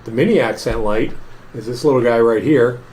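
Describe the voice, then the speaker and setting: In an office, a man demonstrates a product, plainly and methodically explaining each setting. His middle-pitched, darkish voice moves fairly quickly, and the low-quality recording carries faint background noise.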